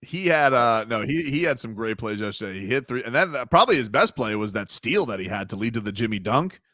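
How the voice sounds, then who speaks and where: Male sports radio host, rambling and emphatic, lively pitch, dry studio sound. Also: a little fast, dry recording. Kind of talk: sports talk radio banter. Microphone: studio mic.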